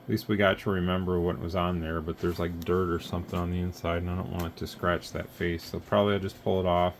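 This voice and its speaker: Deep-voiced guy rambling through a radio gear demo, laid back, faint hiss behind. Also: level tone, fast talker. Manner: rambling, offhand explaining with fillers. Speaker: radio hobbyist testing equipment. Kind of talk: casual demonstration.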